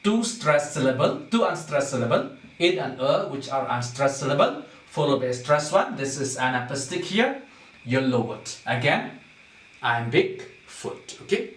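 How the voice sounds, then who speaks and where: A man's voice: medium pitch, big pitch swings, a bit bright. A man teaching a class on poetic meter, explaining step by step and often asking "okay?" to check that students follow. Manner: slow, repetitive, checks understanding with "okay?". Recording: echoey room, distant mic.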